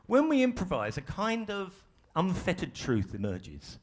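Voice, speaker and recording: Male facilitator, fairly high and very animated voice, chatty and self-deprecating onstage. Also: a little slow. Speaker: workshop facilitator. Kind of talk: live presentation to an audience. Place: large ballroom stage.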